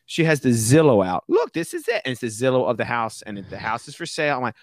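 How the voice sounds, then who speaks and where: A man telling a story on a podcast with lively, swinging pitch, jumping into high voices when he quotes people. The sound is close and dry. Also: quick pace, no room sound. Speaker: guest.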